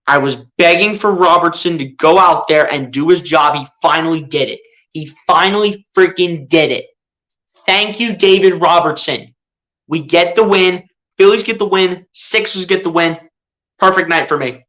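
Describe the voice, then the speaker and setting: Excitable fan calling a game, bright voice. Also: male voice, fairly high pitch, normal speed. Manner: excitable, pleading with the players. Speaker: fan streaming live play-by-play. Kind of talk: casual fan play-by-play commentary.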